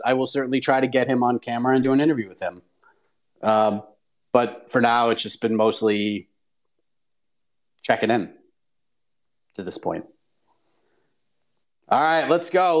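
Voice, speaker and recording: Upbeat man hosting a morning chat show. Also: medium pitch. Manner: upbeat, energetic, talks to listeners. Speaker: host. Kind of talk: casual chat.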